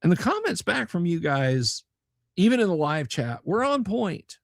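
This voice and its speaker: A man chatting on a casual live stream from his home studio, rambling and joking with viewers, stumbling into restarts now and then. His somewhat high voice is very lively in pitch, and the desk mic sound is dry. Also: normal speed, gravelly, no echo. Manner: rambling, jokey, stammering restarts. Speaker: livestream host.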